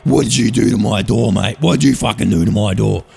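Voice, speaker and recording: A man voicing a huge, angry young man who sounds booming and threatening. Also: slow, gravelly, warm tone, slightly rough, heavily acted. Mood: furious.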